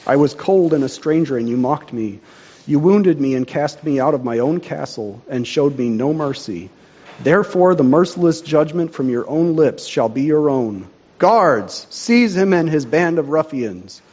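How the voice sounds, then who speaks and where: A man's voice: a little high, lively intonation, normal speed, darkish tone, dull audio. A man voicing a stern, just old king in a storybook reading, speaking in a solemn, commanding way.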